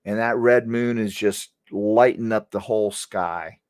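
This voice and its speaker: Low-voiced middle-aged man telling a story. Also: a little slow. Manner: animated anecdote-telling, addresses viewers directly. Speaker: host, former police officer. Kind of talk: casual storytelling.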